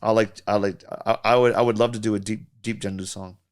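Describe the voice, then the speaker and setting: A man's voice: lowish voice, fast. A man who works as a music producer, chatting casually on a podcast and telling studio stories in a loose, storytelling way. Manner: storytelling, animated when imitating others.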